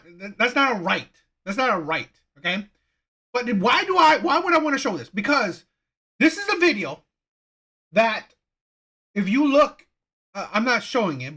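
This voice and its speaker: Heated, bright-voiced male commentator. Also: very high-pitched. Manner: heated, repetitive, profane. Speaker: reaction channel host. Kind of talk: reaction commentary rant.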